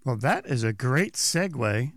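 A man's voice: mid-range voice, very animated, a little slow, fairly bright tone, no echo, clean studio sound. A man co-hosting a casual radio chat, dropping wry quips. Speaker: radio co-host.

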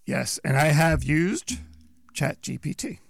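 A middle-aged man co-hosting a radio show, joking with quick quips in casual chat. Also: fairly high pitch, creaky, breathy edge, dry recording, studio quality. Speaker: radio co-host.

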